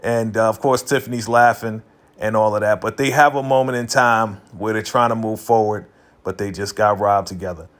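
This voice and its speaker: A man's voice: fairly low pitch, fairly even intonation. A man casually recapping a TV episode, talking loosely with lots of "you know" and "right?" and voicing the characters' lines as he goes. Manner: acts out characters' lines in quick asides. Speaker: TV recap vlogger.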